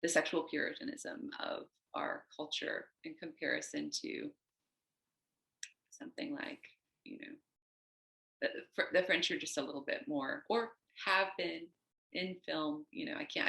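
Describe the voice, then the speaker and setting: A woman poet from the United States, a guest on a video call, talking in a discursive, animated way and wandering onto tangents. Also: deep voice, normal speed, creaky, reverberant. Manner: animated, acts out quoted voices. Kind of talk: casual conversation.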